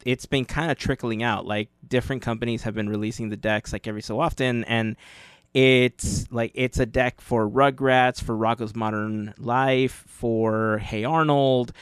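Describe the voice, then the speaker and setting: A man's voice: medium pitch, fairly even intonation, normal speed, few pauses, smooth, no room sound. A man hosting a podcast, reading sponsor notes and then chatting casually with fillers and restarts. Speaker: podcast host.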